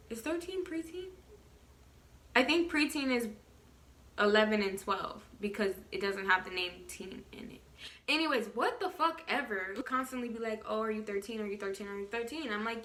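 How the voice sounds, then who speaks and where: A young adult woman vlogger telling a story in casual storytime style, quick, animated and full of swearing. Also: on the high side. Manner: rapid, profane, animated storytelling.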